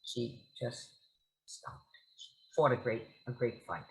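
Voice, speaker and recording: A woman's voice: very deep voice, lively intonation, slow pace, rough recording. A woman actress as a guest at a book talk, telling stories in a vivid, theatrical way. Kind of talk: onstage conversation at a book talk.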